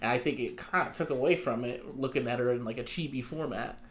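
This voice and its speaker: A man co-hosting a podcast in casual chat, halting and restarting his sentences as he gives his opinions. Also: medium pitch, fairly bright tone, a little hiss or hum. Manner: hesitant, halting, restarts a lot. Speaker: podcast co-host.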